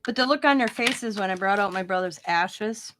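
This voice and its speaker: A middle-aged woman casually telling a story as host of her own channel, animated and informal, often laughing at her own tale. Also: medium pitch, moderate pace, heavy background noise.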